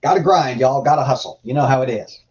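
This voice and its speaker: On a casual livestream, a male host reads chat and comments on scripture, cracking irreverent jokes. His mid-range voice is a little mellow and he talks fast, while the stream audio sounds dull and lo-fi.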